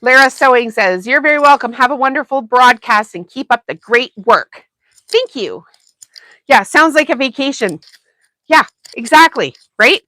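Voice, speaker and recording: A chatty woman hosting a crafting livestream, her voice sitting a little high and sounding bright and crisp. She laughs easily, greets viewers by name and keeps the talk loose and casual while she sews. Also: animated, moderate pace, dry recording. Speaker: sewing channel host.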